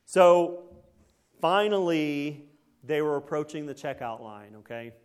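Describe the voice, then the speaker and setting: A man preaching a conversational sermon in a folksy way, often checking in with the congregation through quick tag questions. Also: on the high side, lively intonation, smooth.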